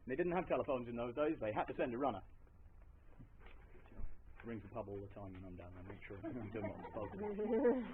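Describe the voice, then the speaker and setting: A man's voice: mid-range voice, very animated, brisk, pauses often. A man telling a folk tale live in a hall, chatty and throwing asides to the audience. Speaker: storyteller. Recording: tinny lo-fi live recording, faint hiss.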